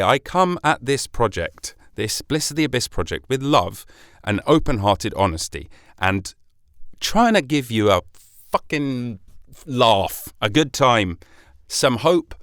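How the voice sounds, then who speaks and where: A man's voice: medium pitch, a bit bright, no echo, clean studio sound. A British man hosting a solo podcast in a chatty, rambling way, with some swearing and self-deprecating asides. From Britain. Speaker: podcast host.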